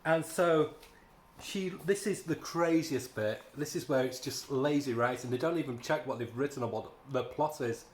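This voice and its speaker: A man's voice: medium pitch, normal speed, a little hiss or hum. A man giving a casual spoken comic book review, ranting in a sarcastic, exasperated way. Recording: echoey room.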